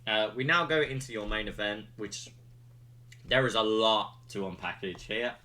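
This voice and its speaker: Low, bright-voiced man recapping casually. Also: moderate pace. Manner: rambling play-by-play retelling with fillers. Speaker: podcast host reviewing wrestling.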